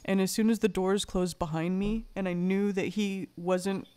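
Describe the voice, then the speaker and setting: Woman, livestream host, personal storytelling, candid, blunt, swears freely, middle pitch. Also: fairly even intonation, normal speed, a little mellow, clean tone.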